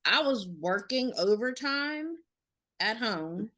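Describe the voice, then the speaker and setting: Bright, animated woman telling a story. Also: a little high, takes it slowly. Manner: animated storyteller, acts out quotes, swears freely. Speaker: podcast co-host. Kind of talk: casual storytelling chat.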